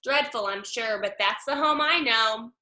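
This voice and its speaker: A woman voicing a kindly mother kelp gull, speaking in a gentle rhyming lilt. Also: a little high, measured pace. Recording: echoey room.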